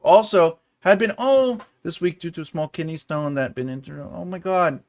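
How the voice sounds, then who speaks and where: A man's voice: on the high side, normal speed. A man with a New York accent hosting a live-stream writing lesson, chatting with viewers and laughing often.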